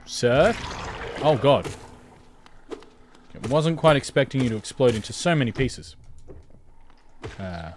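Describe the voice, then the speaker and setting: A man's voice: medium pitch, very animated, slow pace, pauses often, slight background noise. A man streaming a game with casual, jokey, self-mocking commentary.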